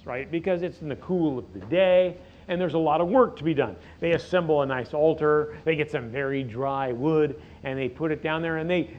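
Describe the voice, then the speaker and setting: A middle-aged man preaching, retelling a scripture story in a folksy, animated way with jokes and asides. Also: on the high side. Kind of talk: storytelling sermon. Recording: dull lo-fi recording.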